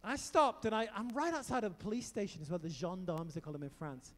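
High-voiced preacher in a reverberant hall. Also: male voice, fast talker. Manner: animated storytelling with emphatic outbursts. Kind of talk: sermon. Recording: long reverb of a large hall.

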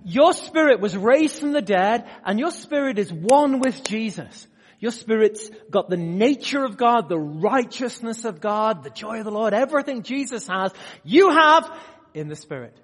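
A man preaching a sermon to a live audience, swinging between loud emphatic bursts and quiet asides and often putting questions to the room. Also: high-pitched, lively intonation, normal speed, breathy edge. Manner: asks the audience direct questions. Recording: long hall reverb.

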